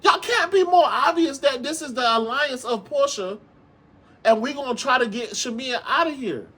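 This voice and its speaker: A man hosting a reality TV recap, talking in a sassy, animated way, calling his viewers "girl" and swearing often. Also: very high voice, normal speed, husky. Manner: frequent profanity and emphatic repetition. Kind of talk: casual commentary.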